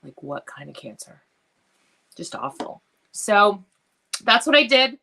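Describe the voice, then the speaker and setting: A woman hosting a casual live stream for her followers, emotional and tearful, speaking in a heartfelt, halting way with many pauses and fillers. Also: mid-range voice, sing-song, vocal fry, pushed and bright. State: tearful, has been crying. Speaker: jewelry business live-stream host.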